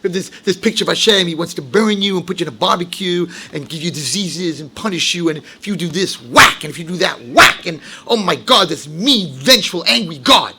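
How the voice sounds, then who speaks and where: A man giving a sermon as a rabbi, animated, dropping into low asides and rising into shouted, acted-out quotes. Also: a little fast, few pauses, noisy background. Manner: animated, swings from low asides to shouted high-pitched outbursts, acts out quotes. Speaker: rabbi giving a Torah lecture.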